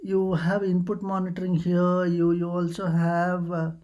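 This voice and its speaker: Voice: medium pitch, completely flat delivery, unhurried, darkish tone. A tutorial host casually walking through computer settings, hesitant and full of uh fillers and restarts. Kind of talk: casual screen-recording walkthrough.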